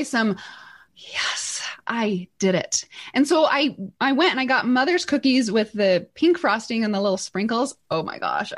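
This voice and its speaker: A middle-aged woman who co-hosts and runs a business, telling stories in an excited, animated way. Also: a little high. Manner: excited, animated storytelling with laughs. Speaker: podcast co-host and business owner. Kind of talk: casual chat.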